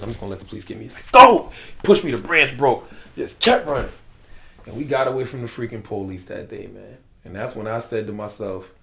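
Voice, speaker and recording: A man's voice: medium pitch, gravelly, fairly bright tone, echoey room. A man from South Carolina with a South Carolina accent, telling a story in casual, slangy interview talk. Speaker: guest.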